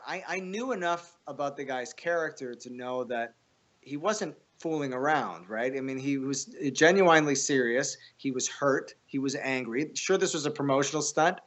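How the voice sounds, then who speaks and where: A man as a podcast guest, telling stories in a casual, animated way, swearing freely and often restarting his sentences. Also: fairly high pitch. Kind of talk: casual storytelling.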